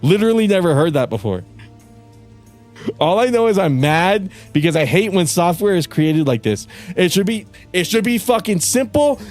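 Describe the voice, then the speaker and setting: A young male streamer in a casual livestream rant, cursing and venting in frustration with bursts of yelling. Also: high voice. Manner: frustrated, profane ranting with bursts of yelling and laughter.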